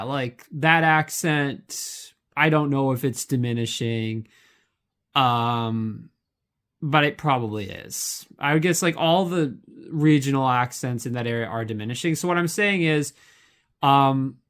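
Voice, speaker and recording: A man's voice: mid-range voice, fairly bright tone, clear, resonant tone. Rambling young man, casual monologue. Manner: rambling, filler-heavy, lots of "like" and restarts. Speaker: video essayist.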